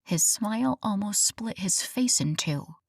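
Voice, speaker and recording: A woman narrating a first-person romance audiobook in an expressive, scripted reading. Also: medium pitch, a little slow, vocal fry, no room sound, studio quality.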